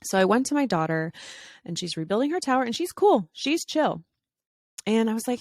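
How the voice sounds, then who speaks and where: A woman's voice: fairly high pitch, dry recording, clean studio sound. Chatty woman podcast host telling stories. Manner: animated, acts out dialogue with quick voice shifts; chatty with frequent fillers and laughs. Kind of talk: casual storytelling monologue.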